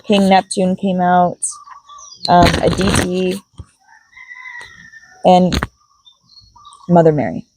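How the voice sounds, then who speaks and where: A woman's voice: on the low side, steady tone, slow, pauses often, a little mellow, a little hiss or hum, low-quality recording. A woman giving a spiritual card reading to her viewers, musing aloud and repeating key words as she goes. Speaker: tarot and oracle card reader.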